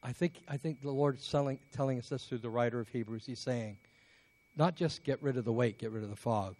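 A man's voice: mid-range voice, a little fast, warm tone. A man from England preaching a sermon as a pastor, telling a story with many restarts and building up to emphatic calls to persevere.

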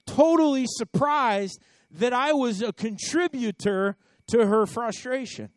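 High-pitched guy preaching, chatty story mode, repeats himself, gets loud and emphatic, dry close sound. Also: unhurried, no room sound. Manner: conversational storytelling with repeated words and emphatic swells. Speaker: pastor. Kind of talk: sermon.

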